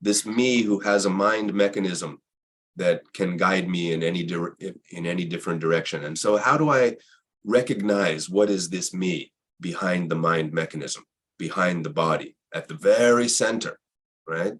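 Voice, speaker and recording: A man in a reflective spiritual conversation who repeats phrases and asks himself rhetorical questions, with a husky voice. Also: low-pitched, moderate pace, a bit bright, a little hiss or hum.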